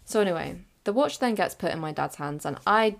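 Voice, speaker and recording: A woman's voice: fairly low pitch, expressive, a little fast, gravelly. A woman in her late teens, hosting a podcast and telling a chaotic, giggly, dramatic story in a casual way. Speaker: podcast host.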